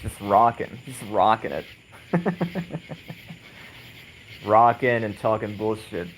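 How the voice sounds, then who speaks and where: Swinging on an outdoor porch, a man who hosts a livestream chats casually and rambles to his viewers, swearing a lot and chuckling often. His voice sits on the low side and his pace is slow. The recording is rough, with slight background noise.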